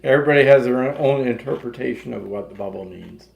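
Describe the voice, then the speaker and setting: A man co-hosting a casual livestream chat, calmly offering counterpoints and reading viewer comments. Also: medium pitch, quick pace, gravelly, rough recording. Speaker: co-host.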